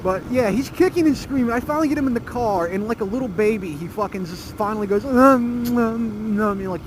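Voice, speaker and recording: Foul-mouthed man telling stories while riding. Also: high voice. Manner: profane, rambling, laughing storyteller. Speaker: motorcycle vlogger. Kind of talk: casual storytelling. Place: outdoors on a motorcycle in traffic. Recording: helmet mic with road noise. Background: road and engine noise.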